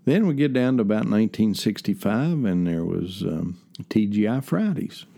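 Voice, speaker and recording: A man's voice: lowish voice, animated, moderate pace, vocal fry, dark tone. An older man talking casually in a folksy, rambling way, full of fillers and personal asides. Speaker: host. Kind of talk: casual spoken monologue. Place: lives in central Ohio.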